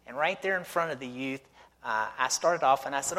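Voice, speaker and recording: A man's voice: medium pitch, normal speed, a bit bright, in a large hall. A middle-aged man who is a missionary, preaching a sermon in a church and telling stories with rhetorical questions. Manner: conversational storytelling with rhetorical questions. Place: church sanctuary.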